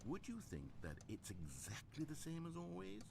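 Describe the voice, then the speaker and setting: An actor voicing a lonely, wounded video game narrator, melodramatic and bitter. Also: male voice, huge pitch swings, moderate pace, vocal fry, noisy background, heavily acted. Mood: wistful. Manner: melodramatic, bitter, swings from hushed to high indignant. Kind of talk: scripted video game voice acting.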